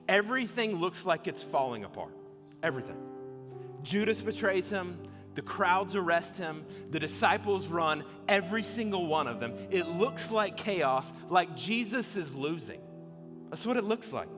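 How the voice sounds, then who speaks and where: Young male pastor, bright, slightly high voice, animated storyteller; hall reverb, faint music underneath. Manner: animated, acts out the scene with shouts and laughs. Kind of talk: sermon storytelling. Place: church hall.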